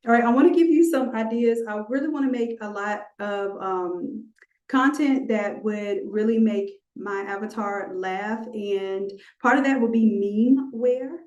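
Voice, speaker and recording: A woman instructor teaching a live online design class, animated and playful, talking straight to her viewers. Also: fairly high pitch, a little slow, lo-fi sound. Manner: animated, playful, talks to the audience. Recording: roomy echo.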